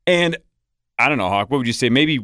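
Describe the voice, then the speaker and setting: A man's voice: mid-range voice, lively intonation, fairly quick, pushed and bright, dry recording, clean studio sound. Casual, profane male radio host.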